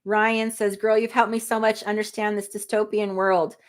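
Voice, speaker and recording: A woman's voice: mid-range voice, flat delivery, normal speed. Chatty woman in her fifties, laughing. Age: 50s. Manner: chatty, laughing, reads viewer comments aloud. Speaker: livestream host. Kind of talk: casual livestream chat reading comments.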